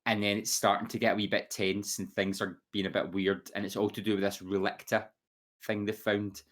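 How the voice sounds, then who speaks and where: A man's voice: on the low side, flat delivery, brisk, a bit bright. A man, co-hosting a podcast, talking in a rambling way with many restarts. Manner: rambling, full of restarts and fillers. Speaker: podcast co-host. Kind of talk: casual chat.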